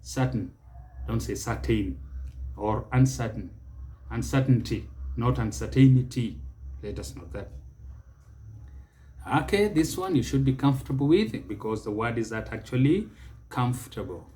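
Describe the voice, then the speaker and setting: Male teacher with a Kenyan accent, mid pitch, mellow and unhurried, drills each word over and over. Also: sing-song. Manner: slow, deliberate, repeats each word several times. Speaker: pronunciation teacher. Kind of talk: English pronunciation lesson.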